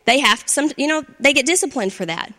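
A woman with a fairly high voice gives an instructional talk on parenting to adults. She talks conversationally and often checks in with her listeners. The sound carries a long reverb, like a big hall. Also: expressive, fairly quick, pushed and bright. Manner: conversational, checks in with "right?" and "okay?".

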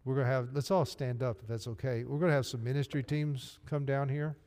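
A man's voice: mid-range voice, flat delivery, fairly quick, darkish tone. A man with a Southern US accent preaching a sermon to his congregation, in an earnest, direct manner. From Arkansas. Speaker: pastor. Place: church sanctuary. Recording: long hall reverb, faint music. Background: faint music.

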